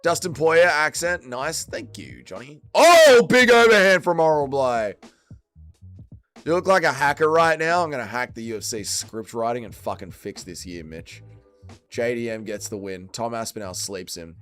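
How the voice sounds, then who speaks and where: Crude streamer with a lively voice. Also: male voice, medium pitch, moderate pace, faint music behind. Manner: crude, swears a lot, banters with chat. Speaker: livestream host. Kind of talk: casual fight watch-along commentary.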